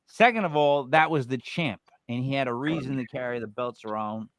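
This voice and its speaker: A man's voice: medium pitch, fairly quick, no echo, low-quality recording. An American man hosting a podcast, chatting casually in a blunt, joking way and swearing freely. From United States. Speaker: podcast host.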